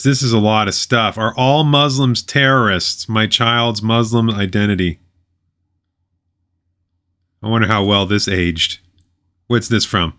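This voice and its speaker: A man's voice: mid-range voice, a bit bright, clean tone. A man reading a web page aloud and commenting on it, with sarcastic, mocking asides.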